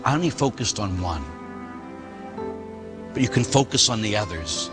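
A man, a priest, preaching a sermon with lively storytelling, acting out quoted voices and laughing at himself. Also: on the low side, moderate pace, long reverb tail, over music.

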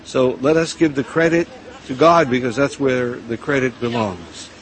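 A man preaching a sermon, narrating and exhorting in a calm, measured way. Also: mid-range voice, poor audio.

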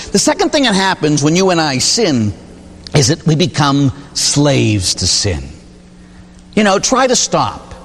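A male priest preaches with a fairly high, very animated voice that leaps up for emphasis as he tells stories. His sermon rings out in a long, reverberant hall. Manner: emphatic, storytelling preacher with sudden pitch jumps. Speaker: Catholic priest.

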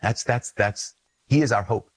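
A man's voice: fairly low pitch, measured pace, husky, no echo, poor audio. A man with a Minnesota accent, a Catholic priest giving an earnest, conversational talk on faith, repeating phrases for emphasis. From Minnesota, USA. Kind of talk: casual spoken teaching on faith.

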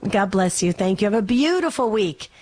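A woman's voice: medium pitch, animated, moderate pace, darkish tone. A woman hosting a call-in radio show as a life coach, encouraging callers and often repeating her words.

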